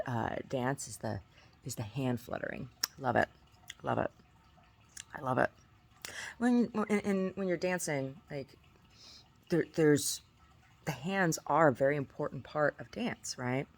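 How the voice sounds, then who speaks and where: A woman's voice: a bass voice, fairly bright tone. A woman vlogger chatting casually, giggly, rambling and effusive, often breaking into laughter. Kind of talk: casual chat.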